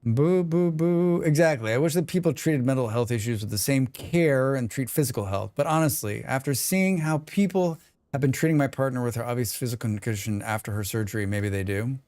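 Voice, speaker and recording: A man chatting casually on a gaming livestream, excitable and swearing freely while he talks to his viewers. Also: mid-range voice, a little fast, no echo, clean studio sound.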